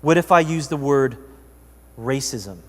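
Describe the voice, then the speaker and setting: A man's voice: mid-range voice, animated, unhurried, long reverb tail. A man preaching a sermon as pastor, telling a story in a loose, chatty way with many fillers. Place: church sanctuary.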